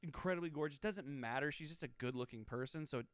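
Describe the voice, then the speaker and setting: A man co-hosting a comedy podcast, chatting casually in an animated, jokey and teasing way. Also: fairly high pitch, fast, smooth, no echo. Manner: animated, jokey, teasing, bursts into loud bits. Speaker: podcast co-host.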